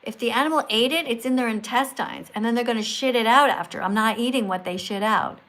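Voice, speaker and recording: A woman with a fairly high voice hosts a livestream. She talks in a bossy, teacherly way and keeps correcting and instructing her guest. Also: quick pace, a bit bright, low-quality recording. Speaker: livestream host. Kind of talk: livestream chat.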